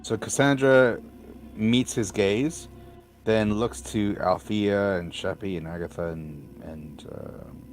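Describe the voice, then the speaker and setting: Deep-voiced man describing his character. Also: faint music behind. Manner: thoughtful, measured, with hesitations. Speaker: player. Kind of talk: describing a character's actions in a tabletop game.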